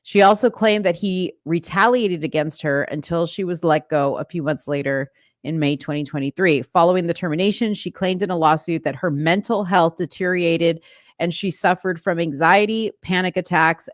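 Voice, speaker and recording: A woman's voice: deep voice, normal speed, no echo. A woman hosting a livestream, reading news stories aloud and chatting to her viewers with lots of fillers. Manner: chatty, many fillers, talks straight to viewers. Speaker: livestream host. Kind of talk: reading news aloud and commenting to live chat.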